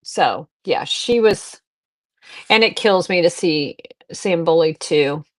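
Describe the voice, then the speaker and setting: A middle-aged woman with a slightly low voice hosts a live selling stream. She chats casually and rambles through long personal stories. She keeps circling back to address her viewers directly. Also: lively intonation, takes it slowly. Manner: rambling anecdotes, restarts and fillers, talks to viewers. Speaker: live-stream seller host.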